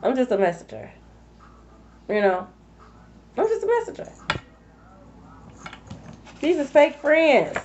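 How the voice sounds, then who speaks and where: A woman's voice: sits high, huge pitch swings, takes it slowly, pauses often, darkish tone, a little hiss or hum. A woman giving a collective tarot reading, blunt and profane, repeating her points for emphasis. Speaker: tarot reader. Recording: dull lo-fi recording.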